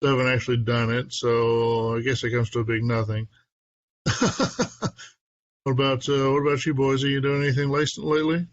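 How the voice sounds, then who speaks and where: A man's voice: medium pitch, little pitch movement, fairly quick, pauses often, no room sound, lo-fi sound. A man hosting a casual podcast chat, upbeat and chatty, often breaking into little laughs. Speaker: podcast host.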